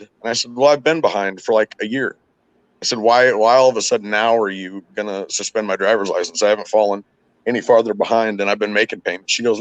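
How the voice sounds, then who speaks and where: A podcast host with a lowish voice talks fairly quickly, swearing a lot as he rants through frustrated stories in casual chat. The audio is poor, with no echo.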